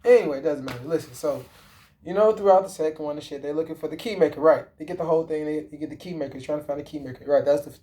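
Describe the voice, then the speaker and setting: A man with a somewhat high but mellow, warm voice chats casually to his viewers. He rambles, restarts his sentences and throws in slang and swearing as he goes. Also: very fast. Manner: rambling, slangy and profane, with frequent fillers and self-corrections. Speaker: vlogger. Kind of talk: casual movie talk.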